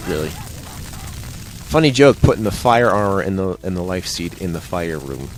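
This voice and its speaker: A man's voice: low-pitched, very animated, unhurried, slight background noise. Rambling Midwestern man commentating a game. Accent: Midwestern American. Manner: rambling, jokey, wanders off on tangents. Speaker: let's play host. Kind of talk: casual gameplay commentary.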